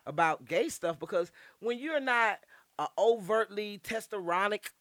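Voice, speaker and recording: A middle-aged woman, a guest poet, telling stories in casual podcast chat, animated, blunt and freely profane. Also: mid-range voice, normal speed, no echo, clean studio sound.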